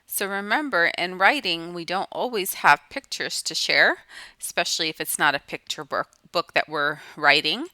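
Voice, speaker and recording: A woman's voice: fairly low pitch, sharp tone, dry recording. A woman teacher giving a recorded lesson to students, explaining patiently and restating each point.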